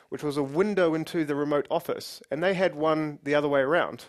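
Middle-aged guy doing a keynote in a big hall, jokey ceo type, voice a bit on the high side. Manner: lively, joking, leads the audience in games. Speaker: conference speaker, company CEO. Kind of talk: conference keynote. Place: large conference hall with audience.

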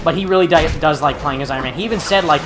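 A man's voice: on the high side, very fast. Rambling young man with hiccups, music behind. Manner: rambling, many fillers and restarts. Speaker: gaming channel host. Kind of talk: casual rambling commentary.

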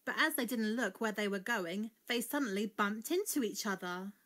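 This is a woman's mid-range voice telling a children's story in a lively read-aloud manner, moving along at a normal speed.

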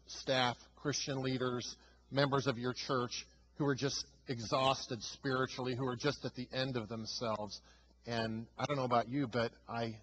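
A male pastor preaching a sermon with emphatic delivery, swinging from loud stresses to hushed lines. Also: medium pitch, slightly rough, poor audio.

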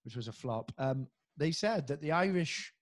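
A Welsh man hosting a casual chat, telling animated stories and swearing freely. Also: fairly high pitch, moderate pace, dry recording. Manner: animated storytelling, slips into impressions, swears freely. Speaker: podcast host and impressionist.

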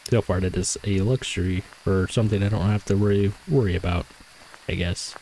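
Man, low voice, casual gameplay commentary, thinking aloud, self-correcting, faint background noise. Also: steady tone, fairly quick, mellow, poor audio. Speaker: gaming streamer.

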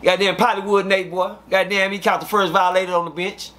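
A man from Midland, telling casual stories as an interview guest, animated and full of fillers. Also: sits high, brisk. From Midland, Texas. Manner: animated, repetitive fillers, acts out quotes. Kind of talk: casual storytelling.

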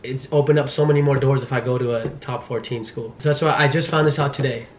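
A young man in his twenties talking fast as a vlogger, frantic and pleading with nervous laughs. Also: mid-range voice, steady tone, reverberant, a little hiss or hum. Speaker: vlogger, law student. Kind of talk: casual vlog talk.

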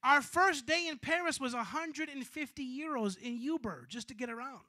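A man preaching a sermon, telling a story with animated, sometimes shouted delivery. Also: very high-pitched, moderate pace. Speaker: bishop preaching.

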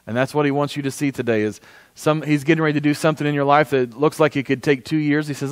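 A man's voice: fairly high pitch, fairly even intonation, fast, dry recording. Man preaching a sermon, dry sound. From United States. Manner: conversational preaching, asks the congregation for amens. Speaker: pastor.

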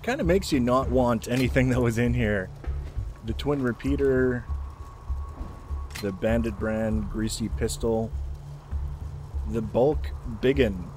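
Man, mid-pitched voice, casual gameplay commentary, joking asides, music underneath. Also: takes it slowly, pauses often, a little mellow. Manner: wry, joking asides while playing. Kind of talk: casual let's-play commentary.

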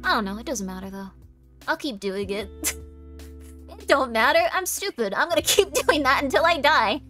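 A woman's voice: a little high, fairly bright tone. Giggly, chatty young-sounding woman streamer. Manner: bubbly, giggly and self-deprecating, lots of "like". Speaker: VTuber streamer. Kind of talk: casual live-stream chat reading chat messages.

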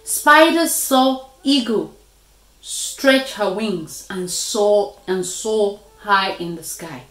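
A woman reading a storybook aloud to children in an expressive read-aloud voice. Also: mid-range voice, extremely slow, reverberant, rough recording.

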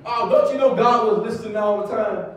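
A man preaching a sermon as pastor, in rhythmic bursts of shouted repetition and calls for the congregation to answer. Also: sits high, fairly quick. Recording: echoey church sound from far off.

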